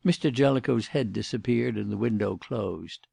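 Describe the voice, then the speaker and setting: A man narrating a classic detective novel as an audiobook in a steady, unhurried way. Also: on the low side, creaky, husky, dry recording, clean studio sound.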